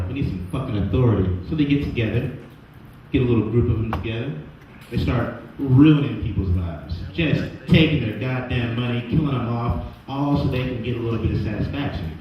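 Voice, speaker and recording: A man's voice: mid-range voice, slight background noise. A man doing stand-up at an open mic, ranting with lots of swearing and mocking voices for the people in his stories. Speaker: stand-up comedian. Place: small bar at an open mic night. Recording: echoey muffled room recording from far off.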